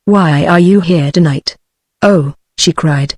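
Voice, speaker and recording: A woman's voice: deep voice, slow, no room sound. Synthetic British woman reading a novel. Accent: British English. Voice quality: even, mechanical reading that sometimes reads out punctuation. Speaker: audiobook narrator. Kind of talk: synthetic audiobook narration.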